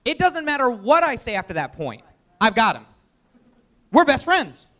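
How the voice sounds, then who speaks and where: A man presenting a live sales training workshop, energetic and emphatic, often quizzing the audience. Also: very high-pitched, moderate pace.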